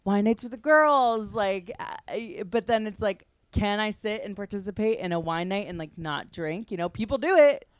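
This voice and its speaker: A woman in her thirties hosting a podcast in casual chat, excitable and rambling with lots of fillers. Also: medium pitch, moderate pace, hardly any pauses, no room sound. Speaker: podcast host.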